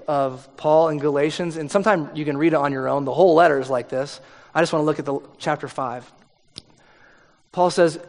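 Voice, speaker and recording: A man giving a sermon in a loose, conversational way, cracking jokes and briefly slipping into the voices of the people he quotes. His voice sits a little on the high side for a man. The sound carries the long reverb of a large church hall. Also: gravelly. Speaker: pastor.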